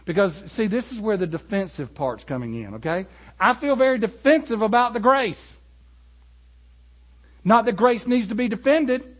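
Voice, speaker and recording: A man preaching a sermon, animated and building to emphatic peaks. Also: high voice, normal speed.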